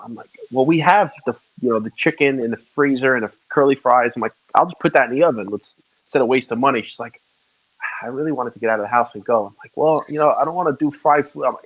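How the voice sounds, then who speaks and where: Rambling, swearing man, lo-fi sound. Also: medium pitch. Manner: swears a lot, rambling storyteller. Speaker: podcast co-host. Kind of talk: casual chat.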